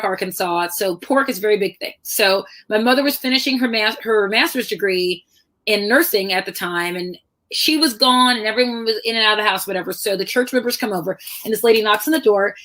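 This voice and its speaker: This guest is a middle-aged woman author whose mid-range voice carries lively, conversational personal stories. She acts out the voices of those she quotes.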